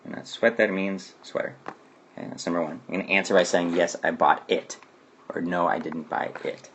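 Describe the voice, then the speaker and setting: A man's voice: low-pitched, steady tone, fairly quick, a bit bright, a little hiss or hum. A man teaching a Spanish grammar lesson who explains patiently and keeps asking "okay?" to check understanding.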